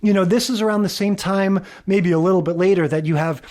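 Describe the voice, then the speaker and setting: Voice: medium pitch, fairly quick, darkish tone. A podcast co-host in a casual chat, giving thoughtful, reflective commentary on an old sitcom and agreeing often.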